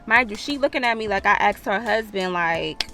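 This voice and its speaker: A woman's voice: medium pitch, normal speed, bright, forceful tone, faint music behind. A woman vlogger, telling a storytime with profanity and acted-out quotes. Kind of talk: storytime vlog.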